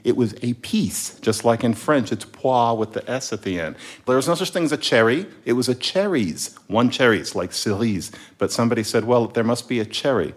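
Man, linguist guest, playful, lively, explaining word origins in casual chat. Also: mid-range voice, normal speed, hardly any pauses.

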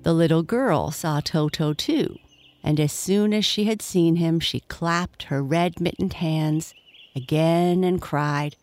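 Low-voiced woman reading a bedtime story. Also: slow, a little mellow, no room sound.

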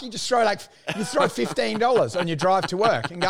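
High, gravelly man ranting. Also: brisk, a little hiss or hum. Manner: crude, ranting, animated. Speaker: podcast co-host. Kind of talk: casual comedic chat. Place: podcast studio. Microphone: podcast mic.

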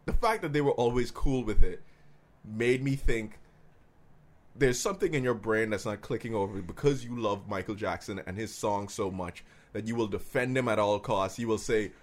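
A man's voice: fairly low pitch, normal speed. A man co-hosting a podcast in casual chat, opinionated, arguing at length with his voice rising when worked up. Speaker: podcast co-host.

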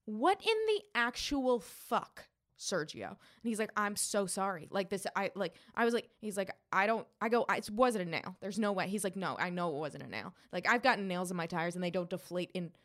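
Profane, animated woman telling a story. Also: lowish voice, brisk, hardly any pauses. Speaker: podcast co-host. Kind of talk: casual storytelling chat.

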